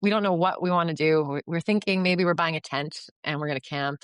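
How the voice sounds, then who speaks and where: A woman's voice: fairly low pitch, a little fast, clean tone, dry recording. A woman from Canada, a guest on a podcast, telling a story in a casual, chatty way with lots of fillers and acted-out dialogue. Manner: chatty, filler-heavy, acts out quoted dialogue. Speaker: podcast guest, yoga retreat founder.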